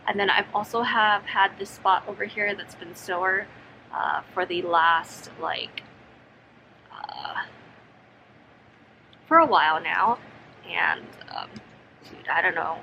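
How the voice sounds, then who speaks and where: A young woman in a casual home vlog, speaking softly and hesitantly with many pauses and restarts. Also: fairly low pitch, sing-song, vocal fry, muffled recording, slight background noise. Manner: soft-spoken, hesitant, many ums and restarts. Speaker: vlogger. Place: home, sitting on the floor. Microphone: camera mic.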